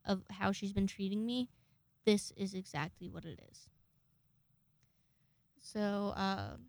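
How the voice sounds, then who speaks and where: A young woman in her twenties talks straight to the camera in a casual storytime vlog, swearing freely and often starting her sentences over. Her voice is smooth and clear at a middle pitch. The sound is dry and close, with no room echo. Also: darkish tone. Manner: chatty, swears a lot, restarts often.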